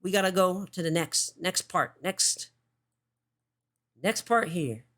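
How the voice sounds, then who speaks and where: A woman's voice: on the low side, takes it slowly, fairly bright tone. A woman hosting a livestream show, giving casual commentary, swearing often and restarting her sentences.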